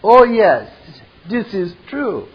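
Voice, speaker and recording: Brief: a man playing a smug, grandiose French-styled villain program, raised and high voice, dull lo-fi recording. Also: big pitch swings, slow, slightly rough, heavily acted. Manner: grandiose, theatrical.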